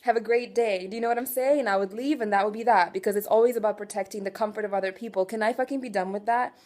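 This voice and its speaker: Speaking very fast in a steady, mid-range voice, this twenty-something woman vlogger unloads an emotional, foul-mouthed confession. Her mood lurches between tired quiet and loud frustration, and she repeatedly checks whether you know what she's saying.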